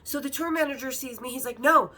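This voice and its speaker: A woman hosting a podcast, telling candid, bawdy stories in a lively, casual way and acting out the other people in them. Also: high-pitched, fast, low-quality recording. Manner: lively, acts out the others' lines in her story. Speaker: podcast host. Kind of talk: casual storytelling.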